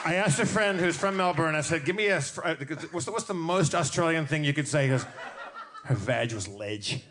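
Playful joking man before a crowd. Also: a little high. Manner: playful, joking, quick asides. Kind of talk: casual comedic chat. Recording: live show with audience and noise.

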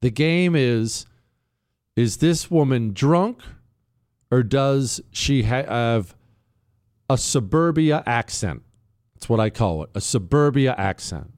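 A man hosting a talk show, giving sarcastic, animated commentary and bantering with his producer. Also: mid-range voice, slow pace, pauses often, dry recording, clean studio sound. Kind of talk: opinionated radio-style commentary.

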